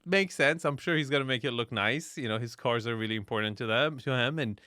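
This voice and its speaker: A man's voice: mid-range voice, a little fast, sharp tone, no room sound, studio quality. A man reacting to a property video with casual, wry commentary, laughing often and restarting his sentences.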